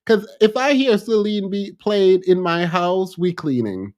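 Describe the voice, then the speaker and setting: A man's voice: high-pitched, unhurried. A man from Jamaica with a Jamaican accent, chatting casually on a livestream and reading out comments, playful and repetitive, often laughing. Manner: animated, playful, repeats himself, laughs often. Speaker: livestream host.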